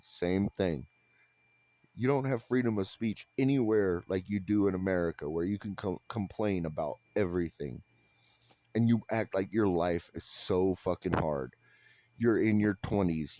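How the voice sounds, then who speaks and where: A man delivering a blunt, sarcastic, profane rant to camera in a flat, unhappy-sounding voice. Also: low voice, no echo. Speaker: vlogger. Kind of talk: ranting monologue to camera.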